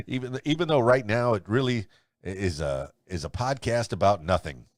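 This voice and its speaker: Low-voiced guy doing a solo podcast, rambly and laughing a lot, really lively up and down. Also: a little slow, dry recording. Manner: rambling, chuckling, conversational. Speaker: podcast host. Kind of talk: solo podcast commentary and news rundown.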